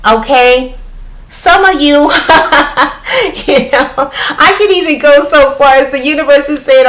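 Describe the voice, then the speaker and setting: A middle-aged woman from the United States giving a casual spiritual tarot reading, chatty and animated, often checking in with "okay?". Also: sits high, takes it slowly, poor audio. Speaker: tarot reader.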